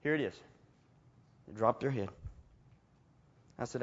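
A man preaching a sermon, telling stories in a folksy, animated way with chuckles. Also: medium pitch, unhurried. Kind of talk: storytelling sermon. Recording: dull lo-fi recording.

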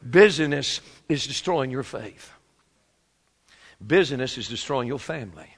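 A man in his fifties preaching a sermon, moving from quiet storytelling to shouted exhortation. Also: mid-range voice, expressive, measured pace, slightly rough. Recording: long hall reverb.

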